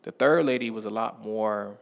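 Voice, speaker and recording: A man's voice: on the low side, moderate pace, creaky. A man telling stories from his life in a casual, slangy monologue, often checking in with the listener. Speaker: vlogger.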